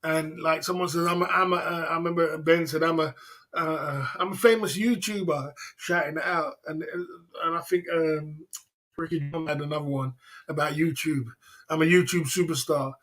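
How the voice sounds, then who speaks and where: A man's voice: a little high, flat delivery, normal speed, fairly bright tone. Rambling man, bantering livestream host. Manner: rambling, teasing banter with chuckles. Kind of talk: casual livestream chat.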